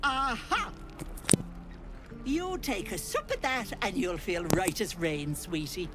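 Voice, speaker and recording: An actress voicing a sly old hag who poses as a kindly auntie, cooing and folksy, calling everyone love and sweetie. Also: female voice, mid-range voice, sing-song, slow, fairly bright tone. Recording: game audio with music behind.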